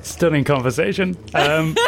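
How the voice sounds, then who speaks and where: A woman's voice: low-pitched, normal speed, heavy background noise. A woman running a tabletop role-playing game over a remote call, narrating and teasing the players in a playful way. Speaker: game master. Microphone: remote call microphone.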